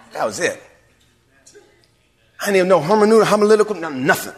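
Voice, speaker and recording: Fast-talking and very animated, a man with a high voice preaches a sermon to his church as pastor, leaving long pauses. The long reverb of a large hall fills the recording as he builds to emphatic calls, asking the congregation if they hear him.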